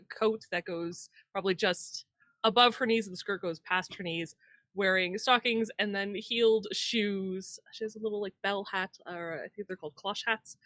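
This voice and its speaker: A woman's voice: medium pitch, a bit bright, no echo. A woman playing a tabletop game, chatting casually and joking at her own expense. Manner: chatty, self-deprecating, laughs at herself. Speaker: player. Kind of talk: casual tabletop role-play chat.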